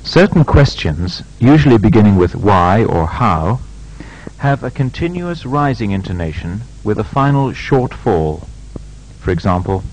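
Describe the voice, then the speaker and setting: A man's voice: lowish voice, sing-song, unhurried, a little mellow, low-quality recording. Man, instructor, scripted drill reading, carefully enunciated, swooping intonation. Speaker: language lab instructor.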